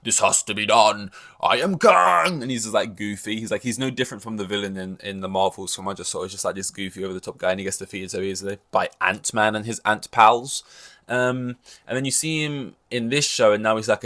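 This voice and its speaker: A man's voice: fairly low pitch, fairly even intonation, quick pace, fairly bright tone. A man hosting a podcast in loose, rambling casual chat, full of "like" and the odd swear word. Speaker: podcast host.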